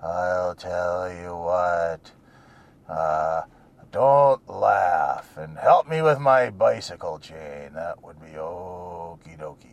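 A man voicing a dreamy, spaced-out Jesus who speaks slowly in a low, hushed voice. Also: gravelly, full character voice.

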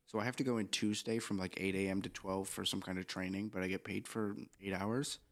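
A man's voice: low voice, steady tone, a little fast. A young man co-hosting a podcast, chatting casually in a rambling, joking, profane way. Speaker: podcast co-host.

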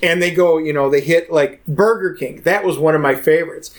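A man with a somewhat higher voice recaps a documentary for his co-host, slipping into quick voices for each person in the story. He restarts his sentences often and keeps the tone easy and chatty. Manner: animated storyteller, quotes people in voices, many restarts. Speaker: podcast co-host. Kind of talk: casual chat, retelling a film.

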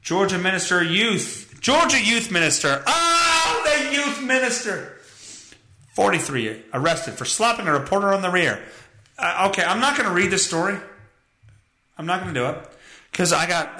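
High, lively, profane ranting man. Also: roomy sound, low-quality recording. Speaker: podcast host. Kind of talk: solo comedic rant podcast.

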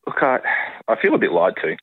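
A man's voice: on the low side, no echo. A man calling in to a podcast by phone, mock-serious and earnest. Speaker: caller. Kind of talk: phone call-in chat. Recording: tinny phone line.

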